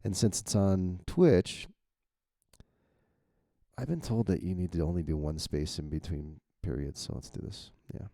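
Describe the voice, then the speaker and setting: A man with a very low, gravelly voice rambles casually as he talks through edits, swearing freely and chuckling at his own remarks. His tone is dark and mellow, recorded close and dry. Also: unhurried, dry recording. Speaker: novelist. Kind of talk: thinking-aloud editing walkthrough.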